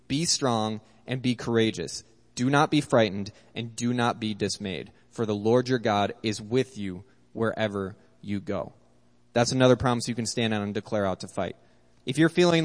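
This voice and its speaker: Man preaching in a reverberant hall. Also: medium pitch. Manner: earnest, reads scripture aloud. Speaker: pastor. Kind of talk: sermon.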